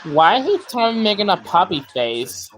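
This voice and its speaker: Male guest, lively inflection, keeps asking curious questions. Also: high-pitched, measured pace. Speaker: stream guest. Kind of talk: casual stream chat.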